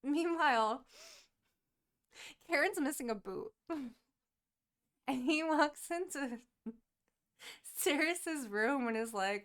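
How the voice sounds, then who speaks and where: Animated young woman recapping a book. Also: sits high. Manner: animated, swearing, laughing, quick quoted asides. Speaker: podcast co-host. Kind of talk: casual book recap chat.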